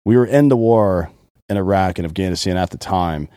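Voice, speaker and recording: Blunt, profane man with a deep dark voice. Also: brisk, no room sound, clean studio sound. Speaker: podcast co-host. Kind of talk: casual chat.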